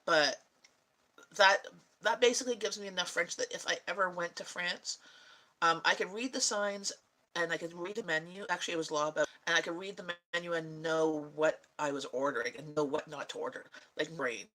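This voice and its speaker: A woman's voice: fairly low pitch, a little fast, pushed and bright, poor audio. A woman vlogger chatting casually with viewers, rambling and laughing often. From Canada. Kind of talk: casual chat answering viewers.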